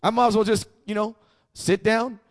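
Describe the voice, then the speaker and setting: A man's voice: sits high, flat delivery, normal speed. A male pastor preaching a sermon, emphatic and prompting the congregation to repeat after him.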